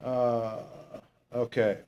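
A man's voice: mid-range voice, flat delivery, very slow, warm tone, clear, resonant tone, dull audio. A man preaching a conversational sermon, rambling and joking as he reads the Bible, sometimes losing his place and stressing key points. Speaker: pastor.

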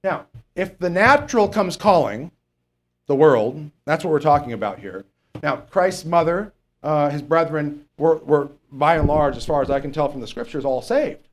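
This pastor's voice is on the high side and animated, at a normal speed, with slight background noise. He preaches in a conversational way, rambling and joking through his Bible reading. Now and then he loses his place, and he emphasizes the key points.

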